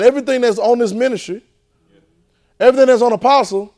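Male preacher, high voice, animated, repetitive, rhetorical questions, church class. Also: fast talker. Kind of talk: sermon. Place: church training center.

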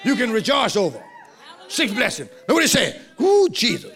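High-pitched shouting preacher man. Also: very animated, moderate pace. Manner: shouting, call-and-response preaching. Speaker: pastor. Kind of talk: sermon. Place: church sanctuary with congregation. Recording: live church recording with crowd. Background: congregation responding.

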